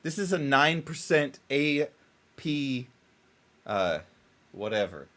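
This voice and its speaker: A man's voice: medium pitch, big pitch swings, takes it slowly, a bit bright. A man co-hosting a casual comedy talk show, rambling and swearing a lot while drinking. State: drinking, getting tipsy. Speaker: co-host.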